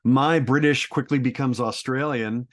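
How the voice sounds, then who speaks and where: An animated man from Texas talks at length as a podcast guest. His voice sits in a middle register, and he gives advice in an encouraging, talkative way. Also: medium pitch, unhurried. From Texas, USA. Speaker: guest voice actor. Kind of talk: casual podcast chat.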